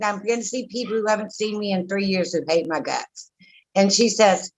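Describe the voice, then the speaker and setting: A woman's voice: medium pitch, unhurried, a bit bright, rough recording. A woman, candidly telling her recovery story as an interview guest, blunt and emotional with frequent tangents.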